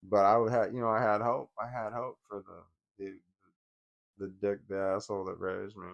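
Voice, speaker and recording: The recording is muffled, and the vlogger's voice is lowish, gravelly, and level, at normal speed. He rambles through a casual, profane personal rant, agitated, often restarting and erupting in laughter.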